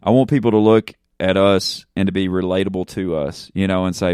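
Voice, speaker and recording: Deep-voiced preaching man, smooth and dry. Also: steady tone, fairly quick, few pauses, a little mellow, dry recording. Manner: fervent, preacher-like, repeats "you know what I'm saying". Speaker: pastor. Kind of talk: casual chat. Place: in a church.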